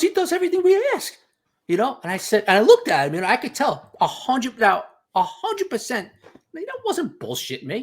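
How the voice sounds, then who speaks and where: Animated New man telling stories. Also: extremely high pitch, moderate pace. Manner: emphatic storyteller, repeats "you know" and "okay". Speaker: podcast guest, team insider. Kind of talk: casual sports podcast chat.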